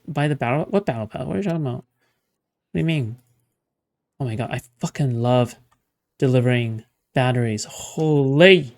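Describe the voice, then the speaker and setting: A man's voice: mid-range voice, expressive, normal speed, darkish tone. A man streaming a game live, ranting sarcastically and swearing as he plays. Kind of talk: live gameplay commentary.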